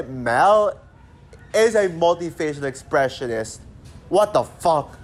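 A man's voice: on the high side, slight background noise. A man giving an exasperated, rambling movie rant, swearing often. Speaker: movie reviewer. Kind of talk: casual rant.

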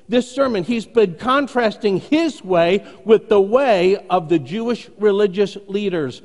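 A man preaching a sermon as pastor, earnest and emphatic, with deliberate pauses. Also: high voice. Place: church sanctuary. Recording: long reverb of a church sanctuary.

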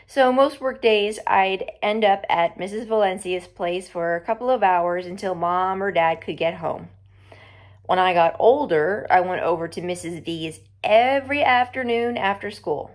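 Slow-reading woman telling a story. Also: lowish voice. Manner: slow, expressive, whispers some parts. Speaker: teacher reading aloud. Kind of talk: storybook read-aloud.

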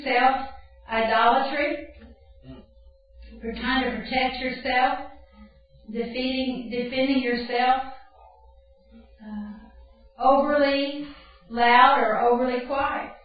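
Folksy older woman in an echoing hall. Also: sits high. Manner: folksy, chatty, laughs at her own stories. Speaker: Bible camp speaker. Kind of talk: teaching talk mixed with personal stories. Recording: very echoey hall, distant and dull.

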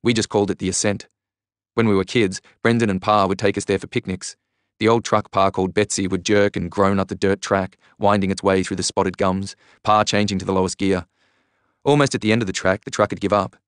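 A man's voice: low voice, little pitch movement, brisk, smooth, no echo, clean studio sound. A man narrating a novel in the first person, in an understated way. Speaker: audiobook narrator.

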